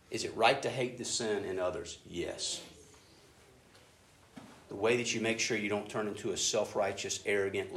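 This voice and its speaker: A man preaching a sermon in a casual, animated way, acting out prayers in an excited voice. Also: lowish voice. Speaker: pastor. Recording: echoey room with faint ambient noise.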